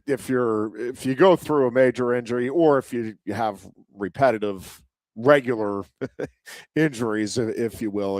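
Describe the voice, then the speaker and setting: Halting low-voiced man, dry close mic. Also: a little mellow, no room sound. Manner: halting, many restarts and fillers, chuckles mid-sentence. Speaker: co-host. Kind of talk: casual chat.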